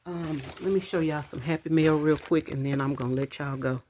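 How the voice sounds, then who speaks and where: A woman chatting casually to her viewers at home, calling them y'all and counting out loud as she goes. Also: low voice, fairly even intonation, brisk. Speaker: budgeting vlogger. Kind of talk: casual chat to camera. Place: home room. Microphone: camera on a stand.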